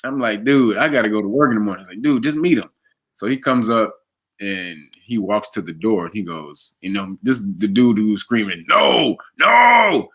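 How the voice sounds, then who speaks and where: A man in casual conversation, telling a long story with lots of laughter and animated quoted voices. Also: fairly quick. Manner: animated, laughs often, jumps to high pitch for quoted voices. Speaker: guest.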